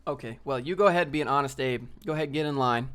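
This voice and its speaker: A man's voice: mid-range voice, racing, a bit bright, smooth. Young guy on a livestream, brash and slangy, ranting at chat. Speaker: livestream host. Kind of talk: casual livestream chat, reading viewer comments.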